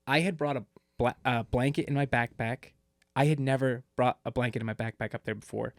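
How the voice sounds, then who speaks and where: A man co-hosting a podcast in casual chat, an animated storyteller who laughs often. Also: medium pitch, a little fast, dry recording, studio quality. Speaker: podcast co-host.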